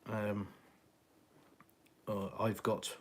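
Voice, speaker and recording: With slight background noise, a middle-aged man from England talks on a live stream in a fairly low, level tone, drawing out his words. His accent is southeastern with a slight West Country twang, and he rambles chattily through viewer comments, with plenty of fillers and restarts.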